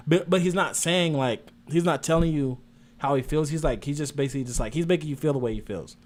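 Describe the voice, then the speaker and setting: A young man co-hosting a casual livestream music review, rambling in a profane, animated way. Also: a little high, quick pace.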